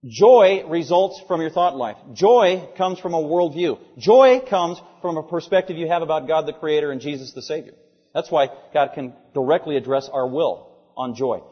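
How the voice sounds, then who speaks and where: A pastor preaching a sermon with emphasis, asking rhetorical questions and repeating phrases for stress. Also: male voice, fairly high pitch, animated, brisk, husky. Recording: dull sound, long hall reverb.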